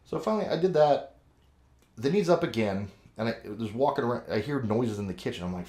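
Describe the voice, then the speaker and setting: A man in casual conversation, telling a long story full of swearing and acted-out quotes. His voice sits in a middle pitch for a man. He talks loosely and animatedly, with plenty of filler. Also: animated, quick pace, darkish tone. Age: adult with kids. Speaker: podcast co-host.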